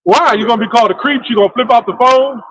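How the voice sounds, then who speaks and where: A man leading a casual religious discussion, telling stories in an animated, profane way. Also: very high-pitched, fast talker, dry recording, rough recording. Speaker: discussion leader.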